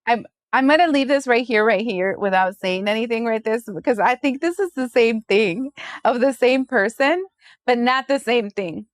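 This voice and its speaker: Woman tarot reader, casual, sassy, acts out quotes, higher voice, dry sound. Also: normal speed, dry recording. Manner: sassy, chatty, acts out voices with big pitch jumps.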